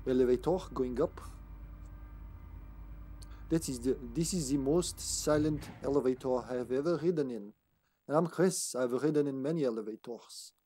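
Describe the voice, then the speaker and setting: A man giving casual let's-play commentary as a game streamer, joking around, laughing often and getting excited in bursts. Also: medium pitch, normal speed, long pauses.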